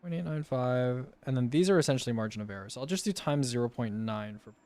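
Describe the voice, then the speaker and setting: A man's voice: mid-range voice, fast, a little mellow. A young man streamer chatting casually and slangily while he plays. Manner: laid-back and slangy, often says "bro". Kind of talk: casual live-stream chat.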